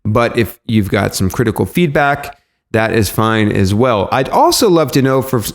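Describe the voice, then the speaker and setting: A man's voice: on the low side, very animated, moderate pace. A man hosting a podcast, introducing the episode in a chatty, loose way with some fillers. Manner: chatty, self-correcting, with filler ums. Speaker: podcast host.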